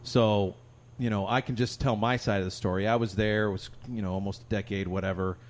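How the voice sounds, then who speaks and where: A man, a podcast co-host and songwriter, telling a long story in relaxed chat, laughing often. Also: on the low side, fairly quick. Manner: rambling, animated storyteller who laughs often.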